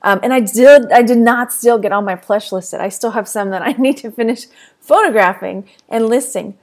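Chatty Texan woman with a high voice. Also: moderate pace, a little mellow. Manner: chatty, rambling, laughs often. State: tired, yawning. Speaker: reseller vlogger. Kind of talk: casual chat to camera.

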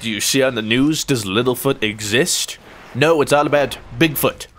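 An American man giving casual, excitable commentary over his own gameplay, full of sudden yelps and playful trash talk. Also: mid-range voice, normal speed. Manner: excitable, yelps and exclaims during fights. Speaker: gaming YouTuber.

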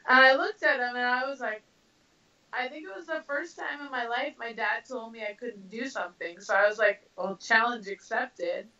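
Lively Canadian woman boxer, roomy sound. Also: on the high side, a little fast. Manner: animated storytelling, many fillers. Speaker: professional boxer, interview guest. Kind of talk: casual interview answers. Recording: roomy, distant, dull sound.

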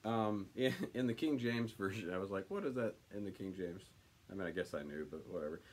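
Man casually reading and musing on scripture. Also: sits low. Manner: thinks aloud with many fillers, reads slowly then comments. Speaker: Bible study host.

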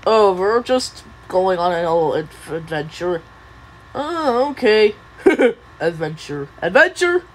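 A woman's voice: on the low side, expressive, slow pace, poor audio. A young woman voicing many cartoon characters in a playful, silly way. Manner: playful, silly voices, giggly.

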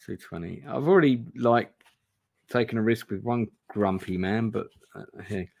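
A man's voice: mid-range voice, moderate pace, a little mellow. A man streaming a gamebook play-through from home on camera, reading aloud casually, swearing and chatting to viewers. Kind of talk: live reading and casual chat. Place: home room.

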